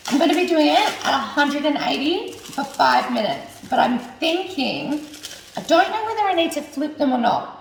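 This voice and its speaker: Cooking at home for her vlog, a young woman keeps up casual chatter, thinking aloud and cursing whenever something goes wrong. Her voice sits high with vocal fry, and the distant mic picks up the kitchen's echo.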